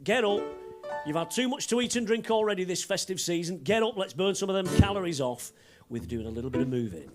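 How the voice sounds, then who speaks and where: A man's voice: high-pitched, animated, quick pace. A man with a Lancashire accent chatting jokily on a band's live stream, urging viewers to get up and move. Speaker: band member. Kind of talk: live stream banter and singing. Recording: live stream with loud band music.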